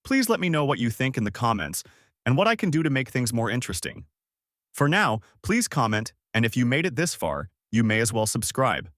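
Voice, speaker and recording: Guy reading fan fiction out loud, lively up and down voice, dry close sound. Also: medium pitch, fairly quick, no room sound. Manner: animated storytelling, casual sign-off. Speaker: channel host and narrator.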